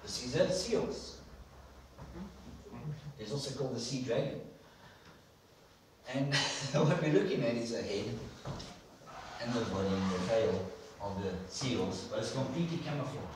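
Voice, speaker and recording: A man's voice: medium pitch, lively intonation, moderate pace, long pauses, noisy background. A man preaching an enthusiastic sermon in a church, repeating words for emphasis. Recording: echoey church hall from far off.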